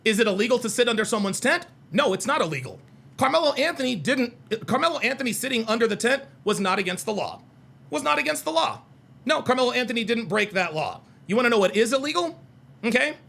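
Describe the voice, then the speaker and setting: A man's voice: very high-pitched, sing-song, quick pace, vocal fry, bright, forceful tone. A man hosting a heated livestream, reading out chat comments and arguing with them in a combative, mocking way, repeating his points.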